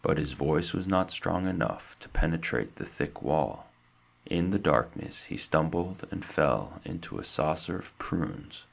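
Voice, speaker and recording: A man reads a children's chapter book aloud in a steady storyteller's manner. His voice is extremely deep and full of gravel, and he takes his time over every sentence. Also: a little slow. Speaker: narrator.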